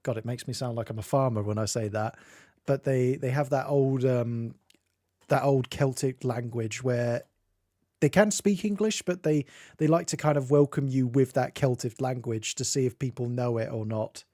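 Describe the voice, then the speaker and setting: Jokey Scottish man, mellow voice. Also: mid-range voice, moderate pace, no room sound, clean studio sound. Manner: jokey and self-mocking, laughs often. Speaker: streamer host. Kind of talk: casual chat on stream.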